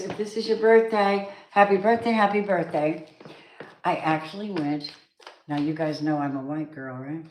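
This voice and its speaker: Chatty woman tarot reader, echoey room. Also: deep voice. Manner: chatty, emphatic, preacher-like bursts. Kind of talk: live tarot reading, casual chat.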